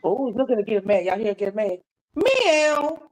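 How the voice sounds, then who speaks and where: A woman's voice: mid-range voice, quick pace, mellow, low-quality recording. A woman from North Carolina, chatting casually on a live panel, rambling with repeated restarts and frequent laughter. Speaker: live panel chat guest. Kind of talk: casual chat.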